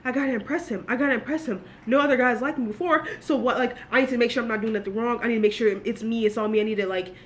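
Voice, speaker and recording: A woman's voice: on the high side, rapid-fire, few pauses, slight background noise, close to an everyday voice. A woman voicing an anxious teenage girl who repeats herself, desperate to impress a boy.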